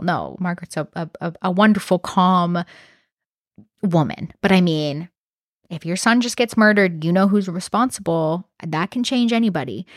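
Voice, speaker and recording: A woman's voice: fairly low pitch, dry recording, studio quality. A woman hosting a true crime podcast, telling the story in a casual, reactive way with the odd swear word.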